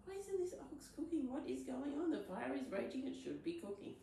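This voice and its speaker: A woman's voice: fairly low pitch, expressive, a little slow, darkish tone, slight background noise. A woman voicing a group of hungry, puzzled male gods, in a casual, slangy way. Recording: very echoey room.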